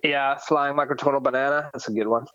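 A man's voice: medium pitch, fairly even intonation, quick pace, fairly bright tone, dry recording, faint music behind. A man hosting a podcast in casual chat, laid-back and rambling, full of fillers. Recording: dull lo-fi sound.

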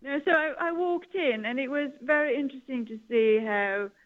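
Over a tinny line that sounds like a phone, an Italian woman who advises governments talks as an interview guest. Her voice sits high and moves at a moderate pace, and her rambling answers are full of "you know."

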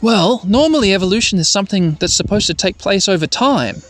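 A man reads a brainy boy from a video game who explains things a bit too fancily. The voice sits a little high and lively, with music faint behind. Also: a little fast. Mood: lecturing.

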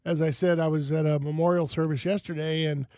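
A man's voice: a little high, flat delivery, fairly quick, mellow, no echo. A middle-aged man hosting a radio talk show from a studio, chatting and teasing his co-hosts. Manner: joking, teasing banter. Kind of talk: casual radio chat.

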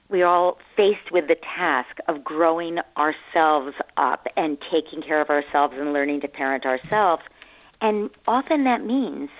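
A woman guest on a radio interview, explaining parenting in a calm, gentle way. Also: low-pitched, dull audio.

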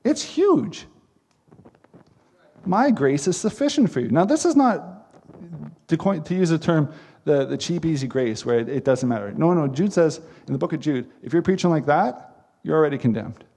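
A man's voice: fairly high pitch, expressive, normal speed, mellow, breathy edge. A man preaching a sermon as pastor, earnest and emphatic, with repeated phrases.

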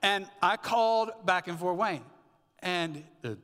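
A man's voice: high voice, measured pace, a bit bright, long reverb tail. A middle-aged man preaching a sermon as a pastor, conversational and storytelling with asides. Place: church sanctuary.

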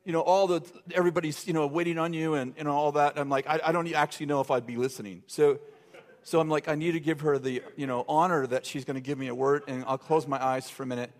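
A middle-aged male pastor tells a story from the pulpit, his voice sitting fairly high for a man. He wanders through the tale, stopping and restarting sentences and laughing along the way. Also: steady tone, fast. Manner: rambling, self-interrupting, laughing through a funny story. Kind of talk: sermon storytelling. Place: church sanctuary.

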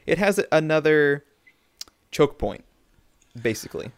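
A man's voice: on the high side, lively intonation, a little slow, clean tone. A man co-hosting a casual gaming podcast, chatty and upbeat, explaining game updates. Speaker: podcast co-host.

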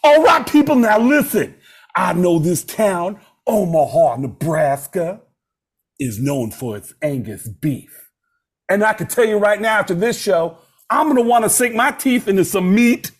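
A brash rock frontman yells cheesy banter at the crowd in a high, strained voice. The voice jumps up well above a normal speaking pitch and is pushed out loud and hard. It is stretched into long, showy stage calls. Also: big pitch swings, measured pace, full character voice. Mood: leering stage banter.

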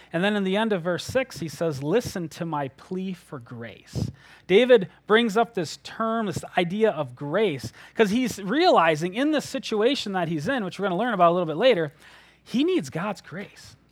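A man gives a sermon as a church elder, speaking earnestly and casually, often pausing on fillers. His voice sits fairly high for a man. The sound is dry and close, with little room echo.

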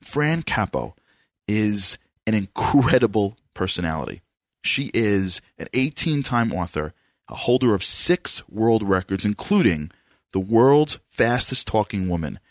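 Animated New York male radio host. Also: fairly low pitch, unhurried, no echo, studio quality. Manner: animated, emphatic, enthusiastic delivery. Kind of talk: energetic radio interview.

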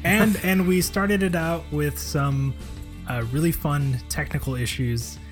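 A man's voice: a little high, fairly even intonation, a little slow, faint music behind. Dryly teasing male podcast co-host. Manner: dry teasing humor, laughs. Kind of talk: casual podcast chat.

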